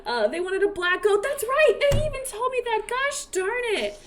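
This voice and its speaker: A young woman chatting casually while playing a life-simulation game, apologetic, playful and quick to laugh. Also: very high-pitched, very animated. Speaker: gaming streamer.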